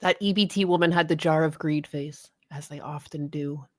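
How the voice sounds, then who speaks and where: Female stream co-host, casual banter, teasing, quick to laugh, low-pitched, dry mic. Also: dry recording. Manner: giggly, laughs often.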